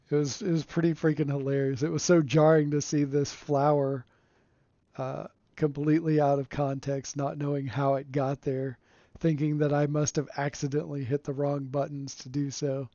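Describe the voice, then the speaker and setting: A man streaming a game, giving relaxed, rambling commentary and chuckling often, recorded on a home streaming mic. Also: on the high side, moderate pace, no room sound. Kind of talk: casual gameplay commentary. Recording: dull lo-fi dry sound.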